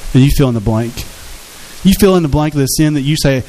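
A man's voice: mid-range voice, fast talker, dark tone, poor audio. A man preaching a sermon as pastor, earnest and conversational, acting out quotes from his congregation.

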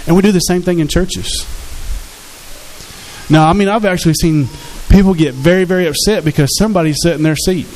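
Pastor preaching conversationally. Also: male voice, sits high, fairly quick, darkish tone, rough recording. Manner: conversational preaching, asks the congregation questions. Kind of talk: sermon. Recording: faint hiss in the background.

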